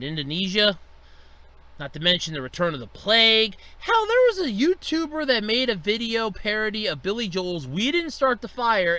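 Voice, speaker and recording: A man's voice: sits high, pushed and bright, dry recording. A man hosting a comedic rant series, exasperated and profane, complaining with mock outrage.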